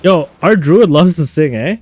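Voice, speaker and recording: A male streamer talks viewers through his game in a chatty, animated way. His pitch jumps all over the place as he goes, and faint game music plays underneath. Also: normal speed. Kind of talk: live gameplay stream commentary.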